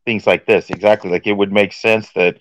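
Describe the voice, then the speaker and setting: A man's voice: on the low side, fairly even intonation, a little fast, no room sound, rough recording. A man co-hosting a podcast, chiming in emphatically in casual chat. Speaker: podcast co-host.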